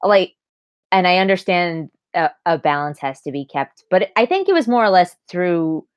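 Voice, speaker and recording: A woman's voice: fairly low pitch, animated, moderate pace, clear, resonant tone, dry recording, dull audio. A young woman in casual chat, giving frank, opinionated takes on a book with wry asides.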